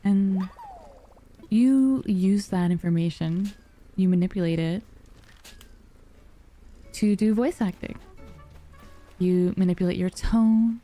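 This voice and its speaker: Soft-spoken sleepy woman streamer. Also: medium pitch, slow, pauses often, faint music behind. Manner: soft, sleepy and calm, yawning. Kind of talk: relaxed live-stream chat. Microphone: dynamic studio mic.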